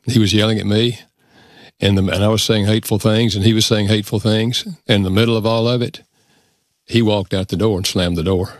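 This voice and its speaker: Earnest low-voiced man telling a story. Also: steady tone, brisk, dry recording, clean studio sound. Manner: earnest, reflective. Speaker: guest. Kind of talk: storytelling and advice in a radio interview.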